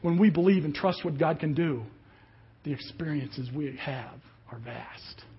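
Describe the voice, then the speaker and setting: A man preaching a sermon as a pastor, telling a story with lively acted-out voices. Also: a little high, a little slow, dull audio. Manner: animated storyteller, acts out voices of people in the story.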